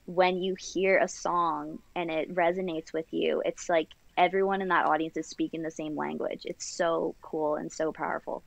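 A woman's voice: low voice, steady tone, normal speed, creaky, few pauses, dry recording. A woman, a band singer, chatting as an interview guest and telling a story with gushing enthusiasm. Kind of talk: casual interview chat. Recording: dull lo-fi sound.

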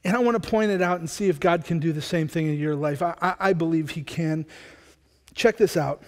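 Male pastor, lively casual preaching, higher voice, church hall echo. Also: fairly quick. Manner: energetic, conversational, frequent restarts. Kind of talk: sermon. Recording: long church hall reverb.

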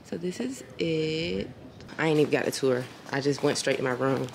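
In a relaxed vlog to camera, a woman with a low, gravelly-fry voice talks frankly at a moderate pace, swearing freely and calling her viewers y'all and friend. She's in a hotel room, with a faint hiss behind her.

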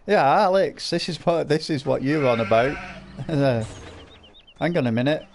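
A man's voice: on the high side, lively intonation, moderate pace, creaky, a little hiss or hum. Man teasing his chat. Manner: teasing, laughing, crude banter with viewers. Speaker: game streamer. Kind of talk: live gameplay commentary, reading chat.

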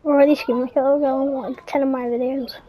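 High-voiced jumpy woman gamer. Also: flat delivery, quick pace, lo-fi sound. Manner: jumpy, startled exclamations. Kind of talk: casual horror game commentary.

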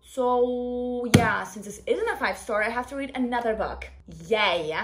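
A woman's voice: fairly high pitch, normal speed. A woman talking casually in a reading vlog, giving dramatic, exclaiming reactions as she reads. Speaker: book vlogger.

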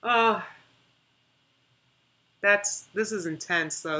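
A chatty woman in her thirties talks straight to her stream audience in a bright, forward voice. She leans on repeated words to make a point and keeps it loose and conversational. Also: on the low side, normal speed. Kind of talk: casual reaction livestream chat.

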